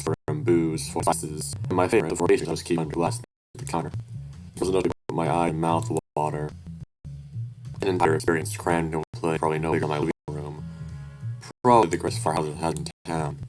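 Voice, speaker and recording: A deep-voiced man narrates his tabletop game character in first person with a wry, descriptive manner and an occasional casual curse. Clear music plays under his voice. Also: low-quality recording. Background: clear background music.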